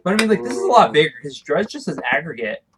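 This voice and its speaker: Young man, casual political chat, slightly higher voice, filler-heavy and quick, keyboard typing behind. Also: sing-song, background noise. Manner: talks fast with many fillers and restarts. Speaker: podcast co-host.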